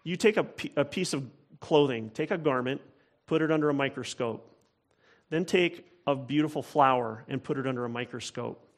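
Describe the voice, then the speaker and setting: A man's voice: medium pitch, normal speed. A man preaching a sermon, earnest and emphatic, often repeating phrases for weight. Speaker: pastor.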